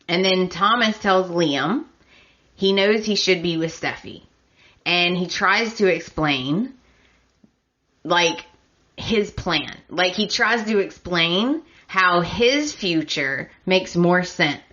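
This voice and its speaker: A woman's voice: lowish voice, expressive, slow, a bit bright, lo-fi sound. A woman hosting a podcast, chatty and opinionated with a sarcastic edge, recapping in a casual way. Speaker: podcast host.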